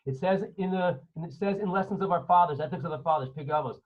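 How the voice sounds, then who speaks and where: A man, a rabbi, giving an animated storytelling lesson to students and firing questions at them over a video call. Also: a little high, quick pace. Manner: animated, asks listeners questions, acts out scenes. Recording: dull lo-fi online audio.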